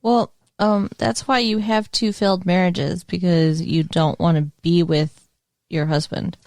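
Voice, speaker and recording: A woman's voice: lowish voice, fairly even intonation, a little slow, darkish tone, dry recording, studio quality. A woman in casual podcast chat, hesitant and earnest, with many fillers.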